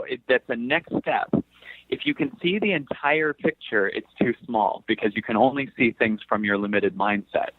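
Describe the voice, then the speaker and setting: A man's voice: fairly low pitch, no echo, phone-quality sound. A man speaking as a guest on a talk show, explaining ideas with jokes and acted-out inner voices. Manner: animated, jokey, acts out inner voices. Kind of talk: motivational talk.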